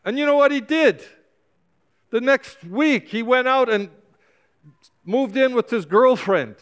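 A man's voice: very high-pitched, expressive, measured pace, smooth. A male pastor preaching a sermon with passion, urging and exhorting his congregation with repeated calls.

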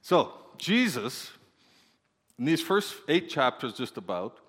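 A male pastor preaching a lively sermon, joking with his congregation between scripture readings. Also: mid-range voice, takes it slowly, breathy edge. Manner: animated, joking preacher who reads scripture aloud. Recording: long hall reverb.

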